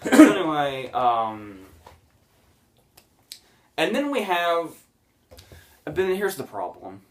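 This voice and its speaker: A man's voice: fairly high pitch, huge pitch swings, slow pace, distant mic. A man hosting a casual movie review podcast, sarcastic and mocking scenes as he retells them.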